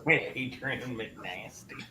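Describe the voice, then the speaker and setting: A man's voice: mid-range voice, very slow, very noisy. A man chatting casually and joking around with friends on a video call. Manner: joking, trying silly accents. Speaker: panelist. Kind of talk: casual chat.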